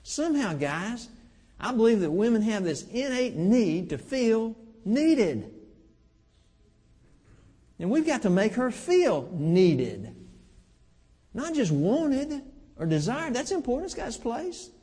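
A man in his fifties preaching a sermon in a church, folksy and earnest, slowing down for emphasis. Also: very high-pitched, sing-song, mellow, husky. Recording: long hall reverb.

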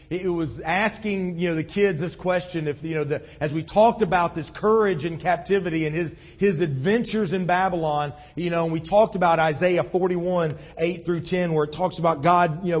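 Male pastor, high husky voice, chatty preaching style full of restarts, long hall echo. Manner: conversational, many restarts and "you know". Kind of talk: sermon.

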